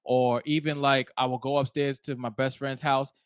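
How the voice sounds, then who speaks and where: A man's voice: mid-range voice, level tone, normal speed, clear, resonant tone, no echo, studio quality. A man hosting a podcast, chatting casually and reflectively with his guest, giving many short affirmations. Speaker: podcast host. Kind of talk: casual interview chat.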